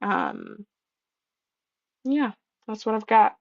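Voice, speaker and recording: A woman co-hosting a casual chat, speaking earnestly with halting pauses. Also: mid-range voice, wildly swooping pitch, gravelly, no echo, highs cut off. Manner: earnest, halting, with many ums and restarts. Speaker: podcast co-host.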